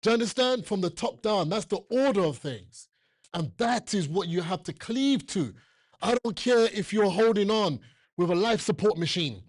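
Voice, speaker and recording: Here a man preaches with a high, lively voice at a moderate pace, the recording dry and studio-clean. His sermon is emphatic and repetitive, full of jokes with the congregation and frequent questions aimed at them.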